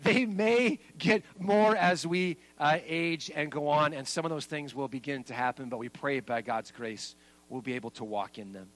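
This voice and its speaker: A man preaching a sermon as pastor, making points with lively emphasis. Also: normal speed, low-quality recording. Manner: lively and emphatic, then soft and low at the close.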